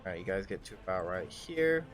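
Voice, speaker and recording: A man narrating a live tabletop game as game master, halting often with ums and restarts. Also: deep voice, sing-song.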